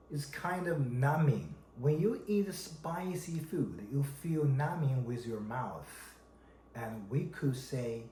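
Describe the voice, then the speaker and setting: A man from China, a Mandarin speaker, teaching a language lesson, slow and deliberate, repeating each example word. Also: mid-range voice, animated, dark tone. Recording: echoey room with faint background noise.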